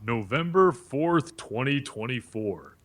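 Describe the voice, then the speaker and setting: A man's voice: medium pitch, slow pace, faint music behind. A text-to-speech male voice playing a cocky, stubborn AI chatbot. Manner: argumentative, corrects others flatly. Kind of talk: voice assistant banter.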